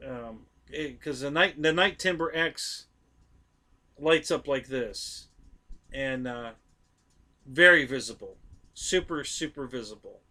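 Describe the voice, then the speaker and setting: A man's voice: mid-range voice, slow pace, long pauses, bright, forceful tone. A man hosting a live stream, chatting casually about model planes, rambling, correcting himself and talking straight to his viewers.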